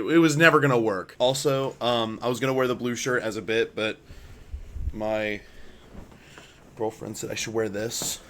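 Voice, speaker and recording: A young man reviewing a film in an exasperated, sarcastic rant, with loud shouting outbursts. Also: medium pitch, a little hiss or hum. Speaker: video reviewer. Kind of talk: ranting commentary.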